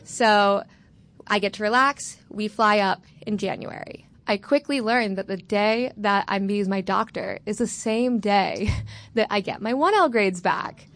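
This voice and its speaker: A woman's voice: mid-range voice, measured pace, a bit bright. A woman in her twenties from Florida, telling a personal story on stage with a candid, wry, self-mocking manner. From Florida, USA.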